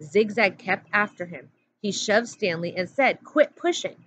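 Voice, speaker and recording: A woman teacher reading a chapter book aloud in a steady, plain narrating voice. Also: medium pitch, a little slow. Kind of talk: storybook read-aloud. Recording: dull lo-fi audio with faint hum.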